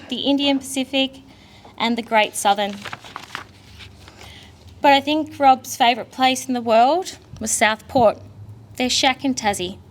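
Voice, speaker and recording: Australian woman giving an emotional eulogy. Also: high-pitched. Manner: emotional, candid, storytelling with laughs. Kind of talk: funeral eulogy.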